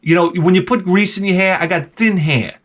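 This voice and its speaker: An older man hosting a vlog, telling a comic story in an animated, profane way and acting out his own reactions. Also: high-pitched, normal speed. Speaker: vlog host.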